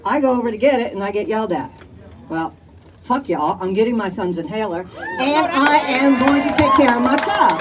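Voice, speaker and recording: An older woman from Chicago gives impassioned testimony at an outdoor gathering, pressing each point on the crowd. Her voice sits a little high, and she is caught from some distance, with faint street and crowd noise behind her. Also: animated, normal speed. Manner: emphatic, rallies the crowd with "all right?". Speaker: speaker at a community rally.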